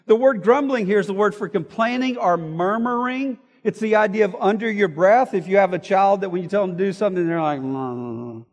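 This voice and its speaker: A man preaching an expository sermon, explaining word meanings and reading scripture aloud, moving between loud emphasis and quiet asides. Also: high-pitched, brisk, few pauses. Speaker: pastor. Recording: hall reverb.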